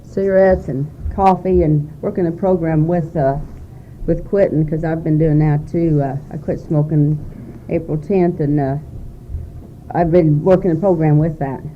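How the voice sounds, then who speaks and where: A woman's voice: deep voice, steady tone, moderate pace. Woman sharing hesitantly at a recovery meeting, muffled, faintly hissy tape. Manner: hesitant, with many fillers. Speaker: meeting chair and attendee. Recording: dull lo-fi tape with faint noise.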